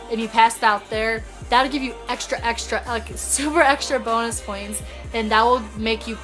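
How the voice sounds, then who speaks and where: Excited, rambling higher-voiced woman vlogger. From Indiana, US. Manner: excited, rambling, heavy use of "like". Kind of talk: casual storytelling vlog.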